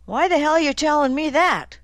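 A woman's voice: lowish voice, expressive, a little slow, fairly bright tone, no room sound. A woman voicing a big, drunk, sullen man who grumbles his answers, in an audiobook. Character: big, drunk, surly man in a trailer park. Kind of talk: audiobook character voice.

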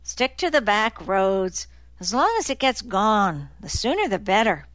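A woman with a mid-range voice, wide pitch swings and a slightly slow pace reads the lines of a tense young man on the run. She sounds sharp and anxious, snapping out the words. The recording is dry.

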